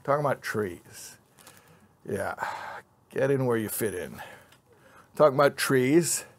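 A man's voice: medium pitch, animated, slow. A man teaching an informal Bible class to a live group, joking and quizzing his listeners. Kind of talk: informal Torah class with audience.

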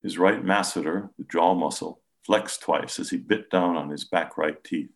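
A man, a psychiatrist, calmly narrating a patient case in the first person with measured storytelling. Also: low-pitched, creaky. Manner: calm, measured storytelling, softens when speaking gently.

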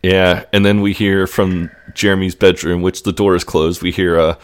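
A man's voice: low-pitched, normal speed, clear, resonant tone. A man co-hosting a podcast, casually retelling a TV episode scene by scene and swearing freely. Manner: relaxed storytelling, swears freely. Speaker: podcast co-host. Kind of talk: casual chat recapping a TV episode.

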